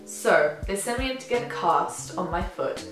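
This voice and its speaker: A woman's voice: mid-range voice, animated, normal speed. A teenage girl recounts her story in a chatty, dramatic way, slipping into the voices of the people she quotes. Her voice rings around a very echoey room, with faint music underneath. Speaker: vlogger. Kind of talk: storytime vlog.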